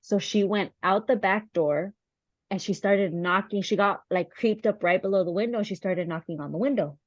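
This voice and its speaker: A woman's voice: medium pitch, normal speed, dry recording, lo-fi sound. A woman podcast co-host telling a family story in casual chat, acting out the voices of the people in it. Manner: animated, acts out quoted voices.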